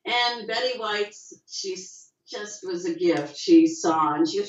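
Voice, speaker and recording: A woman's voice: unhurried, few pauses. A middle-aged woman, an actress, telling stories in a casual interview over a video call, acting out quotes with a lifted voice. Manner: animated storyteller, acts out quotes with rising pitch. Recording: dull, roomy video call audio.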